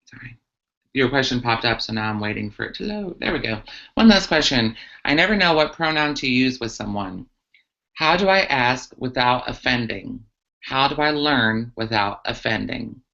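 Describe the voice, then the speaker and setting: A woman's voice: rumbling low, animated, normal speed, gravelly, a bit bright. A woman, a transgender activist, answering questions earnestly in a live online talk, with many ums and restarts. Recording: muffled lo-fi livestream audio.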